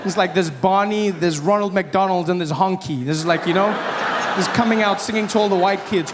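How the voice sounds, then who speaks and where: A man performing a stand-up routine, animated and acting out other people in shifting voices. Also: sits high, brisk. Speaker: stand-up comedian. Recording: live stage with audience noise.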